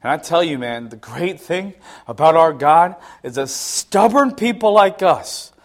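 Middle-aged guy preaching, fairly high voice, goes from muttering low to loud high bursts, laughs at himself. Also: measured pace. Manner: animated storytelling, swinging from low mutters to high loud exclamations; laughs at himself between lines. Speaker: pastor. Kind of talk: sermon.

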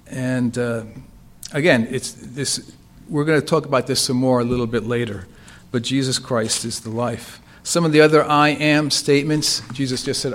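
A man's voice: mid-range voice, steady tone, measured pace. A man reading scripture aloud and then explaining it, with frequent fillers and restarts. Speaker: Bible teacher.

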